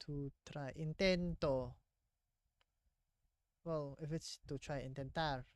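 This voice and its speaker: A man's voice: fairly high pitch, fairly even intonation, slow, slight background noise. A man vlogging his language practice, thinking aloud and correcting himself as he goes. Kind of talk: casual vlog, practicing aloud.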